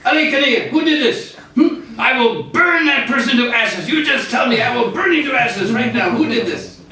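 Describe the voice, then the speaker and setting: Man doing a shrill, furious cowherd boy, in a very roomy hall. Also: expressive, moderate pace, sharp tone, heavily acted. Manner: threatening, demanding. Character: fierce protective cowherd boy, older brother. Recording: echoey hall from far off.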